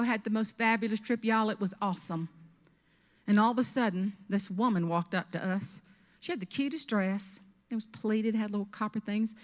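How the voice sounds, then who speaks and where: A woman with a Southern US accent, a motivational speaker and humorist telling a comic story on stage, sassy and animated. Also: mid-range voice. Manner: sassy, animated, acts out every voice. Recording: long reverb of a large hall.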